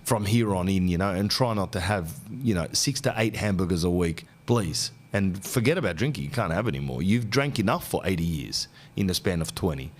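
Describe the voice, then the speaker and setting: A man's voice: low-pitched, lively intonation, a little fast, few pauses, pitched below the performer's own voice. A man voicing a weary doctor who patiently pleads with a patient. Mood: pleading.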